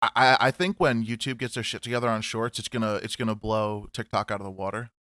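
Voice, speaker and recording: A man's voice: fairly low pitch, brisk, no echo, clean studio sound. Casual swearing podcast guy. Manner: rambling, swears, laughs loudly. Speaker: podcast co-host. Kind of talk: casual chat.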